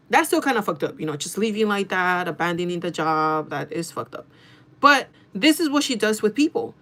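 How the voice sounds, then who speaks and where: A woman in her thirties telling a workplace story to her viewers in a casual, animated, gossiping way. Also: medium pitch. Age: 30s. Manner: animated gossiping with frequent swearing and laughter. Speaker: vlogger.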